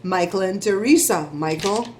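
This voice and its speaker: A middle-aged woman vlogger giving chatty, animated shout-outs to her viewers. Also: mid-range voice, normal speed, slight background noise. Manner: chatty, animated storytelling with laughs.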